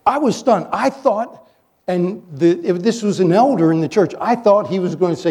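A male pastor preaching a sermon, telling stories in an animated, joking way as he coaches his listeners. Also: high voice, slow pace, pauses often, husky. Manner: animated, jokey storyteller who coaches the audience. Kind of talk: sermon with storytelling.

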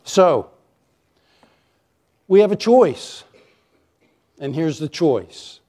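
Mellow-voiced man preaching a sermon. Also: fairly high pitch, big pitch swings. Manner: emphatic, varies pace, slows for key lines, rises when acting out accusations. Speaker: pastor. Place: church sanctuary with a congregation.

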